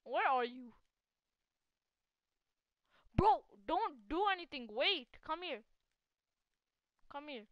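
High, lively woman gaming. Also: slow pace, pauses often, dry recording, highs cut off. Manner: excitable, laughs often, teasing a teammate. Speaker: gaming channel host. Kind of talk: casual live gameplay commentary.

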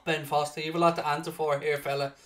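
A man giving let's-play commentary on a football game, swearing freely and swinging between low muttering and loud outbursts. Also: flat delivery, quick pace, a little hiss or hum. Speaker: gaming channel host.

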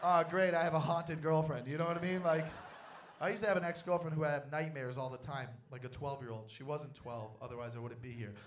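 A young man performing a stand-up comedy set on stage, telling a story with animated, loud panicky outbursts. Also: medium pitch, fast talker, recorded from a distance, slight background noise.

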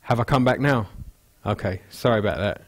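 A man's voice: fairly low pitch, brisk. A man preaching an expository sermon in a church, talking casually and acting out people's thoughts in quotes, on a wireless mic through the speakers. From England. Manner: conversational, acts out quoted thoughts. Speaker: pastor. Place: church hall.

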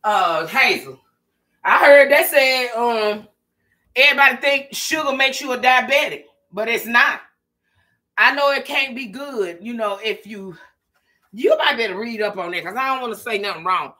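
A woman vlogging in a relaxed, chatty way, talking straight to her viewers and laughing often. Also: on the high side, normal speed. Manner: chatty, folksy, laughs often, addresses viewers as "girl" and "y'all". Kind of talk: casual chat to viewers while eating.

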